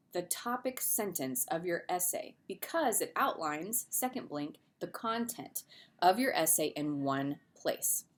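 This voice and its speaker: A middle-aged woman, an English teacher, giving a recorded video lesson in a casual, conversational way with fillers and asides. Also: mid-range voice.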